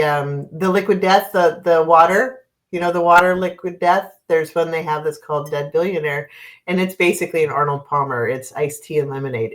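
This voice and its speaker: A middle-aged woman from Oregon hosts a casual livestream as a card reader. Her voice sits low, and she rambles along, breaking into laughter often. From Oregon, US West Coast. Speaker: tarot and dowsing reader, livestream host.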